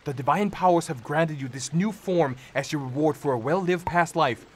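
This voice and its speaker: A man voicing a gentle female fairy guide who speaks in a soft, formal, reassuring way. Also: a little high, moderate pace, background noise, close to an everyday voice.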